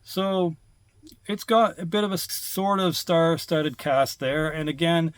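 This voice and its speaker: A man's voice: on the high side, fairly even intonation, a little slow, no echo. A man talking casually about his film collection, rambling with frequent restarts and filler words. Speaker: film collector reviewing movies. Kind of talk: casual vlog review.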